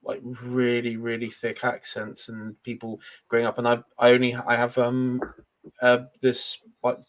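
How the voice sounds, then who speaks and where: A man's voice: medium pitch, completely flat delivery, measured pace. A man from Cornwall who speaks with a middle-class English accent, in a mid-range voice. He is a guest on a casual podcast and often hesitates with ums and uhs as he talks. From Cornwall, England.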